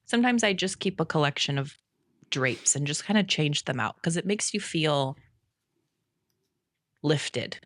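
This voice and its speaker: A woman's voice: low voice, lively intonation, unhurried, pauses often, no echo, clean studio sound. A woman around forty co-hosting a podcast in casual, enthusiastic chat, laughing often. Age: about 40. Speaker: podcast co-host.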